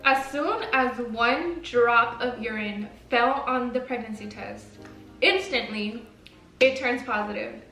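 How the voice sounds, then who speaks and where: A woman's voice: on the high side, slow pace, sharp tone, recorded from a distance. A woman vlogger telling a personal story in a casual, chatty way, full of fillers and mild swearing. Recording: echoey room, away from the mic, faint music.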